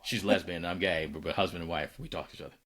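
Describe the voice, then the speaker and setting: A man's voice: low voice, quick pace. A man co-hosting a podcast, telling stories casually and acting out what people said. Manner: animated, acts out quoted dialogue. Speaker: podcast co-host. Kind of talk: casual conversational storytelling.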